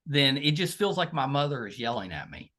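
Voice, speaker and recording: A man with a mid-range voice hosts a podcast, speaking briskly in a casual interview chat. He is lively and joking with his guest and laughs easily.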